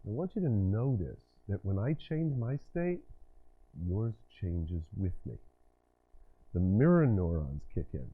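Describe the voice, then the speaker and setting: A middle-aged man giving a live talk, leading the audience through exercises in an animated, directive way. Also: fairly low pitch, a little slow, husky. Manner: animated, directive, demonstrates states with his voice and body. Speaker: workshop speaker and communication coach. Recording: dull lo-fi lecture recording.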